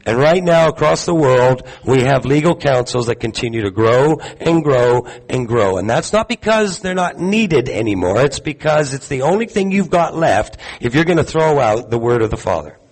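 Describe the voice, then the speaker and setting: A man giving a live sermon to a congregation, talking conversationally, putting questions to the room and filling pauses with ums. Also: mid-range voice, animated, rough recording. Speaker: teacher at a congregation gathering. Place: gathering hall with audience.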